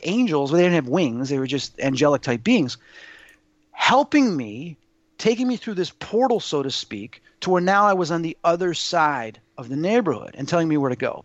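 Earnest rambling man, slightly high voice. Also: sing-song, moderate pace, no room sound, dull audio. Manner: earnest, rambling, with many fillers and restarts. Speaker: guest sharing personal experiences. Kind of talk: casual spoken storytelling.

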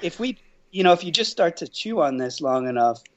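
A man's voice: a little high, very animated, a little fast, a bit bright. Earnest man rambling, lo-fi sound. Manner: rambling, earnest, with frequent restarts. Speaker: paranormal investigator. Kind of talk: casual conversation. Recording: dull lo-fi sound.

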